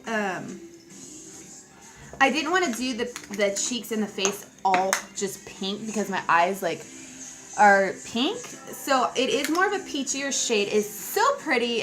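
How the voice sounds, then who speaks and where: A woman's voice: fairly high pitch, poor audio. A young woman chatting casually through a makeup tutorial, giggly and self-mocking, with offhand asides. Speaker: beauty vlogger.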